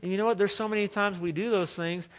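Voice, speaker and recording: A man's voice: high-pitched, fairly even intonation, fast talker. A man preaching a sermon as pastor, earnest and conversational, often restarting his phrases.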